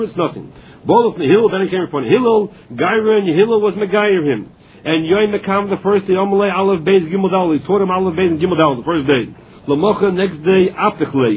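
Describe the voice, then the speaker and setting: A man with a high, very husky voice leads a Talmud lesson, telling stories and slipping between Aramaic and English. The sound is thin and tinny, like a phone line. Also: expressive, quick pace. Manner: storytelling, mixing Aramaic phrases with English. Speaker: Talmud teacher. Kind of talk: Talmud lesson, translating and retelling.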